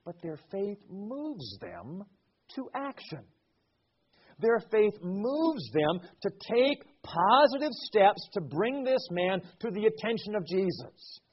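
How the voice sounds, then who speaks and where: Husky-voiced preacher with a lively pitch. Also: male voice, slow pace, highs cut off. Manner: rising and falling preaching cadence, repeats words as he builds. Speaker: pastor. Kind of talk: sermon.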